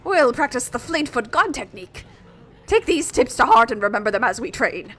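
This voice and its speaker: A woman's voice: a little high, big pitch swings, normal speed, fairly bright tone. A woman voicing an eccentric, boastful old male dojo master in a video game, with a slightly British put-on accent and a theatrical, grandiose delivery. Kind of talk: reading game dialogue aloud.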